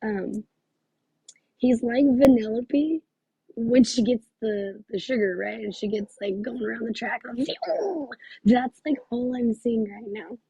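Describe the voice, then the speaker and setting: Gushing psychic medium woman, husky and mellow. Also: on the high side, fairly even intonation, a little slow, no echo, dull audio. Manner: gushing, exclamatory, thinks aloud with many fillers. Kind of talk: live psychic reading, casual chat.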